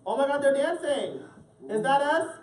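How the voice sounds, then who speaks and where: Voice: high-pitched, expressive, moderate pace, a little mellow, a little hiss or hum. A drag queen reading a picture book aloud to children, with playful joking asides to the audience. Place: indoor event space with a family audience. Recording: echoey room, far from the mic, crowd.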